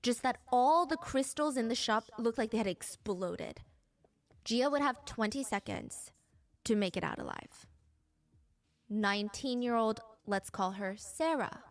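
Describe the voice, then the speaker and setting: A woman's voice: on the high side, lively intonation, unhurried. A woman narrating a true crime story in a dramatic storytelling way. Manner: dramatic storytelling, acts out quotes.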